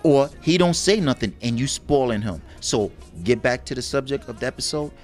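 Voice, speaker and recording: On a casual podcast about relationships, a male co-host brags playfully and animatedly, acting out little quotes. His voice is medium-pitched and brisk, with soft music playing in the background.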